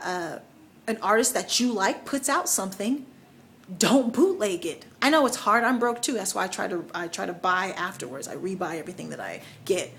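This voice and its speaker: A woman's voice: medium pitch, fairly bright tone. Young woman vlogger, emphatic, opinionated, conversational delivery. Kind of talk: casual opinion vlog.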